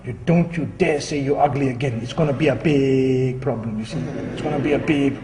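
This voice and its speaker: A man playing a pet-shop owner who tries to calm a customer, placating and low-key, in an echoey hall. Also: brisk, noisy background, lightly acted. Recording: echoey hall, distant mic.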